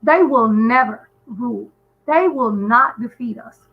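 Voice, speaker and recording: Through a muffled recording with faint music behind, a woman on the high side speaks unhurriedly as a guest caller in a live stream's casual chat. She earnestly and emphatically tells a story, often starting over.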